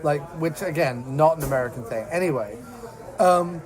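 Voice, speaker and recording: A man's voice: on the high side, moderate pace. A man co-hosting a casual film-review podcast, rambling and incredulous with frequent restarts. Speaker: podcast co-host.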